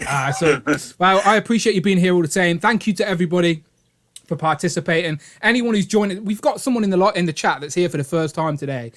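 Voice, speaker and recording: A man's voice: high voice, fast, a bit bright. A British man hosting a casual live stream from a home setup, chatty and upbeat. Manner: chatty and upbeat, often laughing.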